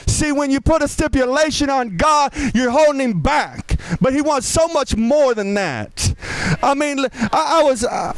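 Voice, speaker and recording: A man preaching a lively, conversational sermon as pastor, asking the congregation questions. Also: very high voice, moderate pace, rough recording.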